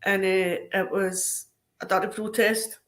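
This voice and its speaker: A woman with a Scottish accent, a podcast guest telling animated anecdotes in a casual way. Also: medium pitch, a little slow. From Scotland. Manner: lively, animated anecdotes broken by frequent laughter. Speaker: podcast guest, crime scene cleaner. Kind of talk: casual storytelling.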